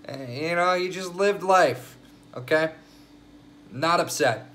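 A man's voice: fairly high pitch, slow, fairly bright tone. A young man vlogging casual news commentary, crude and sarcastic, swearing freely.

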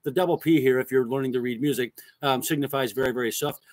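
A man's voice: medium pitch, quick pace, darkish tone, dry recording. A man teaching a casual drum lesson, explaining parts in a loose, plain way and counting rhythms aloud.

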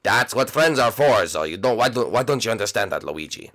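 A man voicing a gruff turtle creature friend in a low, mumbling voice with stammers, in a Minecraft role-play. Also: expressive, a little fast, fairly bright tone. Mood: grumbling.

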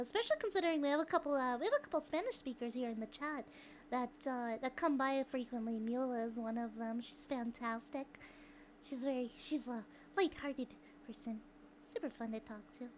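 A young woman streaming live, chatting with her viewers casually, excitable, laughing often and swearing freely. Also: fairly high pitch, slight background noise. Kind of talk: casual chat with a live chat audience.

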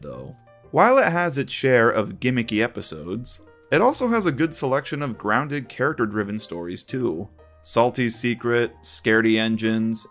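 A man hosting a video essay, talking through his opinions of a children's TV series in a relaxed, conversational way. His voice sits in the middle of the range and moves up and down a lot, with faint music under it. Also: mid-range voice.

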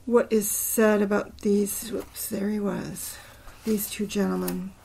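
A woman hosting a casual poetry talk, thinking aloud, unhurried with fillers. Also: medium pitch, flat delivery, gravelly, mellow, slight background noise. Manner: thinking aloud, murmuring syllable counts under her breath. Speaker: poetry channel host. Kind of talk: casual talk about poems, reading aloud.

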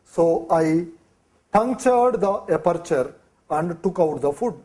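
A man giving a vocabulary lecture, explaining words slowly with example sentences and lists of synonyms. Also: sits high, animated, dark tone.

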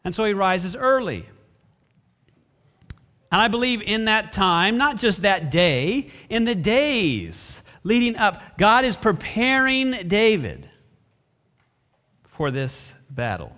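Speaking slowly with frequent pauses, a high-voiced man preaches as a pastor. He reads from scripture and expressively acts out brief voices of biblical characters, his words echoing through a reverberant hall.

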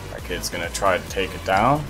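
A man's voice: sits low, animated, a little fast, over music. A man commentating over his own gameplay in a frustrated manner, swearing often. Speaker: gaming commentator.

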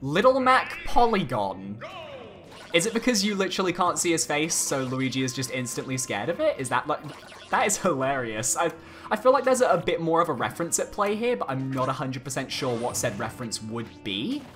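A young man talks over his gameplay, his pitch leaping around as he exclaims and grumbles. He moves quickly between delight and annoyance in casual commentary. Faint game music plays underneath. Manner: animated, exclaiming, swings between excited and exasperated. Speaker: gaming YouTuber. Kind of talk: let's play commentary.

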